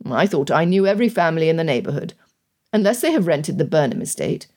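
A woman voicing a weary aristocratic gentleman in an audiobook, speaking in a clipped, impatient way. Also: low-pitched, expressive, fast talker.

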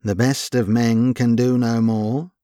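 A man reading an audiobook, voicing a big easygoing hired thug with a resigned, philosophical manner, pitched higher than his own voice. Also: flat delivery, slow pace, dark tone, no room sound, clean studio sound, natural voice. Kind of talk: audiobook character voice.

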